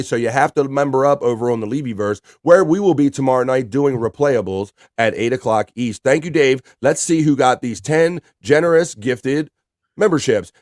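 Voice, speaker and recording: A man's voice: mid-range voice, darkish tone, dry recording, studio quality. A man hosting a live stream, joking casually and reading chat messages aloud. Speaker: livestream host.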